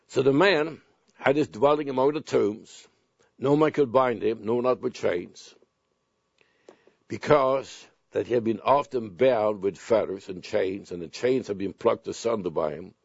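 A man preaching a sermon, telling personal stories and reading scripture slowly and deliberately. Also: mid-range voice, gravelly, husky, no echo. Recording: dull lo-fi sound.

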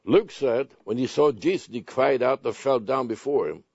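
Gravelly husky preacher guy telling stories, dull lo-fi recording. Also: medium pitch, darkish tone, no echo. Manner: storytelling, reads scripture slowly and deliberately. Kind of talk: sermon with personal stories and scripture reading. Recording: dull lo-fi sound.

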